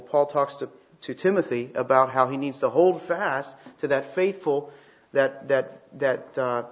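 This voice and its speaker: A man preaching a sermon in an emphatic way, asking rhetorical questions and repeating phrases for weight. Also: a little high. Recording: slightly dull, lo-fi sound.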